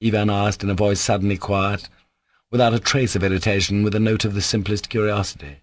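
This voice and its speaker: A male narrator reads a classic novel in a measured, steady manner. His voice sits on the low side. The recording is dry and close, with no room sound. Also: no echo. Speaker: audiobook narrator. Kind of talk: scripted literary narration.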